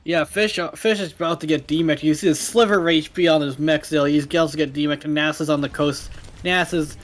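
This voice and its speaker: A man doing color commentary as analyst on a live esports stream, breaking down plays in a relaxed, chatty way. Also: on the high side, brisk.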